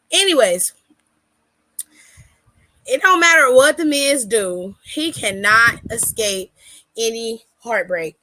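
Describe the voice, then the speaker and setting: Bright, lively woman recapping wrestling. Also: fairly high pitch, slow pace, pauses often, no room sound. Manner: animated storytelling, acts out quotes, laughs often. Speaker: podcast host.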